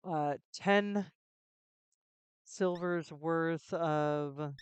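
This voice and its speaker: A woman's voice: low-pitched, extremely slow, smooth, no room sound. A woman live-streaming a game, chatting with jokes and self-deprecating asides into a close desk mic. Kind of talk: casual gameplay live stream.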